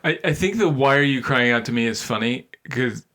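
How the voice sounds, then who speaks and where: A man co-hosting a comedic Bible podcast, making dry, deadpan jokes in a halting, casual way. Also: mid-range voice. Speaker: podcast co-host.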